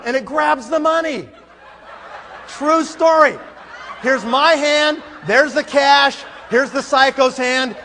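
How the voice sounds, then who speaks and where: High bright-voiced man telling a story on stage. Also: long reverb tail, slight background noise. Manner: animated, acts out scenes with sound effects. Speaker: conference speaker. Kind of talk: comic storytelling speech.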